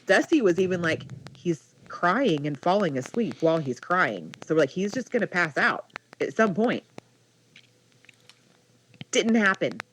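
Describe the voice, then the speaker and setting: A woman's voice: on the low side, measured pace, slight background noise, low-quality recording. A young woman co-hosting a podcast, animatedly telling a story in casual chat and saying "like" a lot. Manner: animated storytelling, heavy use of "like". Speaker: podcast co-host.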